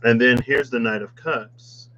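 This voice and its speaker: A man's voice: medium pitch, steady tone, a little slow, pushed and bright, dull audio. A man reading tarot cards in a casual chat, musing aloud with playful asides. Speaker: tarot reader. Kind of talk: casual tarot deck walkthrough.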